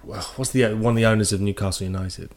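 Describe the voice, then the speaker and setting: Low-voiced man, agreeable banter. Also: steady tone, brisk. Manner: agreeable, lots of "yeah, yeah". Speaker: podcast co-host. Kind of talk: casual comedic chat.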